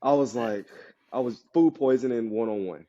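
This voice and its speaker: A man's voice: mid-range voice, normal speed, dark tone, dull audio. A man who played pro football, telling stories bluntly as a podcast guest in casual chat. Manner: loose storytelling, blunt.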